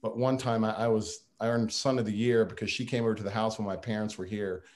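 A man with a slightly low voice delivers a humorous farewell speech to his board. He talks in a folksy, self-deprecating way and often restarts his sentences. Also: flat delivery, quick pace, a little mellow.

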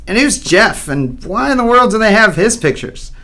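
A man's voice: sits high, sing-song, normal speed, sharp tone, voice pushed up, heavily acted. A man doing an eager sixth-grade boy. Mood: puzzled. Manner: earnest, wondering, chattering to himself. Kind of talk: storybook character voice.

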